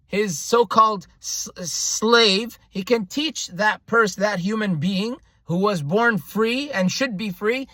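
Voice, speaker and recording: A man's voice: high-pitched, a bit bright, no echo. A man from Eritrea reading a history book aloud and commenting on it earnestly, often hunting for words. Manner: earnest, searching for words, repeats himself.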